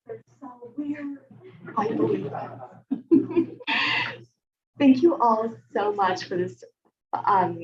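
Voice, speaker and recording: A woman hosting a live poetry event, chatty and halting with fillers. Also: a little high, muffled recording. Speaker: host.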